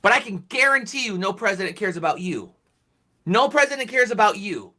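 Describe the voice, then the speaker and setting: Bright-voiced excitable woman streamer. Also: mid-range voice, fairly quick. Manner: excitable and gushing, calls people dude. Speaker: live stream host. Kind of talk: live reaction stream chat.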